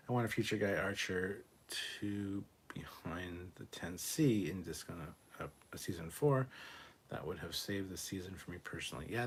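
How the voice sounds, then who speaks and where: A man hosting a casual livestream, reading viewer comments aloud and answering them in a relaxed, off-the-cuff way, swearing freely. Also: sits low, slightly rough. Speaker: livestream host reading chat. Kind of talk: casual live chat.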